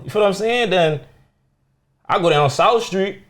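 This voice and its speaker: A young man, a comedian guest telling stories in casual chat, profane and animated, acting out the people in his stories. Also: high voice, moderate pace.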